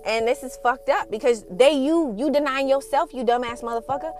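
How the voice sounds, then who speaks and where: A woman's voice: sits high, fairly quick, over music. A woman hosting a casual spiritual podcast, talking in a blunt, sassy and profane way and laughing often. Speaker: podcast host and twin flame coach.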